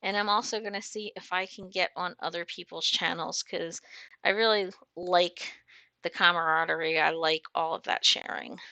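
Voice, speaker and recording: A woman's voice: fairly low pitch, fairly even intonation, normal speed, gravelly, bright, forceful tone, dry recording. A woman trucker chatting casually on a livestream, reading viewer comments aloud, bubbly and full of fillers and laughs. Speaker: trucker hosting a live chat.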